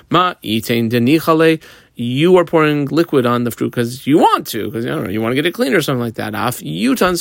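A man's voice: medium pitch, gravelly, no room sound, clean studio sound. A man teaching a Talmud page, reading short phrases and explaining each in casual English with frequent ums. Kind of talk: Talmud lesson, reading and translating.

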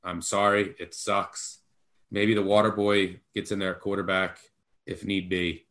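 A man's voice: sits low, flat delivery, unhurried, fairly bright tone. A man co-hosting a sports betting podcast, talking emphatically with a jokingly apologetic edge. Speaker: podcast co-host, betting analyst. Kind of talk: casual sports betting chat.

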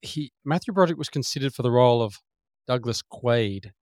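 A man co-hosting a movie podcast, briskly reading out trivia about actors. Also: medium pitch, animated, darkish tone, no room sound, studio quality. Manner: brisk, reads out facts. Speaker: podcast co-host presenting trivia. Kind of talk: casual movie podcast chat.

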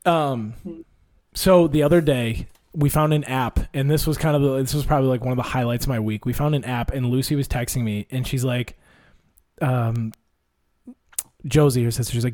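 A man's voice: mid-range voice, fairly quick. A young man hosting a casual chat with friends, telling stories with lots of laughs. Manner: animated storyteller, laughs often.

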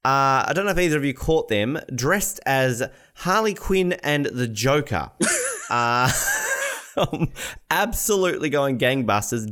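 Rambling, joking podcast host. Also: male voice, mid-range voice, fairly bright tone. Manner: joking, rambling, laughs often. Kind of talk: casual chat.

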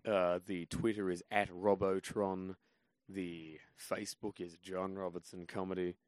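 A man's voice: low-pitched, flat delivery, unhurried, no echo. A man guesting on a podcast as a comedian, telling rambling, self-deprecating anecdotes in a casual way.

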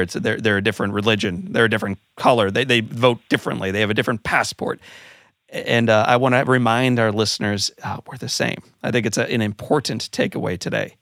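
A man's voice: mid-range voice, vocal fry, fairly bright tone, no room sound. Male host, earnest and reflective, dry and close to the mic. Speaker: podcast host. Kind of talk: interview conversation.

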